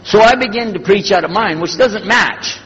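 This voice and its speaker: An older man telling a story from his years as a preacher, husky and animated, acting out the dialogue. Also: high-pitched, moderate pace. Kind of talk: storytelling talk. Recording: lo-fi recording in a reverberant hall.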